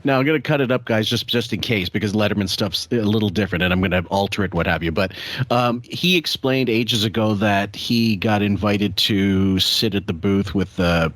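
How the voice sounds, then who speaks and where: A man's voice: lowish voice, moderate pace, fairly bright tone, no echo. A man hosting a podcast, chatting casually and profanely between clips with rambling asides. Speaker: podcast host. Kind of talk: casual chat introducing clips.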